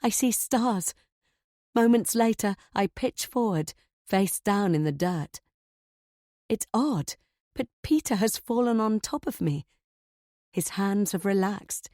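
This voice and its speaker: A woman reading a first-person thriller audiobook in a measured, tense way. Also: mid-range voice, expressive, warm tone, dry recording, clean studio sound. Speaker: audiobook narrator.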